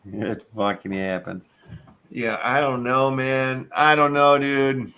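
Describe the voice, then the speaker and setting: A man's voice: medium pitch, fairly even intonation, slow, bright, forceful tone, smooth. A man with a Chicago accent hosting a casual show, reading articles aloud, cursing and tripping over long words. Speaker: show host.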